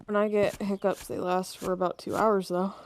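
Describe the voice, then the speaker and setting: A woman's voice: mid-range voice, flat delivery, normal speed. A woman with the hiccups chatting casually with a streamer friend. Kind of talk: casual chat.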